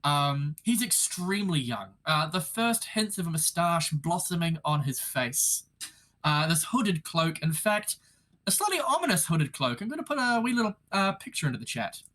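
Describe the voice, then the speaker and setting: A man's voice: a little high, big pitch swings, moderate pace, bright, forceful tone. A man narrating as game master of a tabletop game, describing the setting in a playful, theatrical way.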